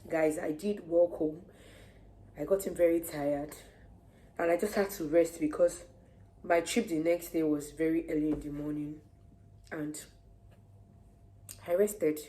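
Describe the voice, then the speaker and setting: Pregnant nigerian woman chatting to camera, lowish voice, acts out the convos. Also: measured pace, long pauses. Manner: lively, animated retelling of conversations. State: heavily pregnant. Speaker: vlogger. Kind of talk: casual storytelling to camera.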